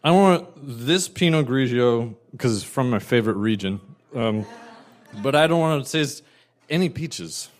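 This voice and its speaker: A man's voice: mid-range voice, animated, unhurried, close to an everyday voice. A man voicing a drunk, demanding woman customer who barks bossy, insistent orders.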